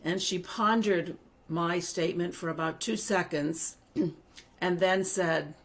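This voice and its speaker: A woman with a New Orleans accent, a congregant earnestly telling a personal story and clearing her throat now and then. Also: fairly low pitch, takes it slowly. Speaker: congregant sharing a memory. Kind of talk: personal anecdote.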